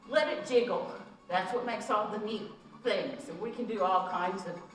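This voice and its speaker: A woman instructor leads a belly-dance cardio class, calling out counts and cues at an unhurried pace while she moves. Her voice comes from some distance in a very echoey room. Faint music plays underneath. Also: medium pitch, fairly bright tone. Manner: jokey asides with laughs. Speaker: fitness instructor. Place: recreation center room.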